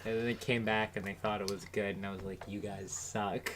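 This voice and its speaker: A man's voice: fairly low pitch, level tone, quick pace, a bit bright, a little hiss or hum. A young man co-hosting a podcast, chatting casually, laughing often and joking along. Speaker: podcast co-host. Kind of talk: casual chat.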